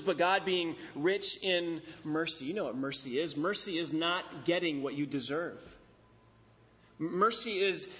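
A pastor preaching an expository sermon, emphatic, repeating key phrases and slowing on stressed words. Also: male voice, on the high side, a bit bright. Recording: dull recording in a reverberant hall.

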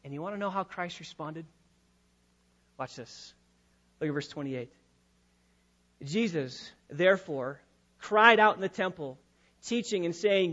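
A male pastor preaching a sermon, dropping to quiet, quick asides and rising to loud, drawn-out emphasis. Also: fairly high pitch, highs cut off.

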